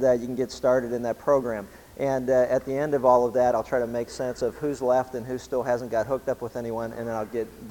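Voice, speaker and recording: In a church, a male pastor with a mid-range voice delivers a sermon, relaxing into a conversational story before moving to scripture. The recording carries a long hall reverb.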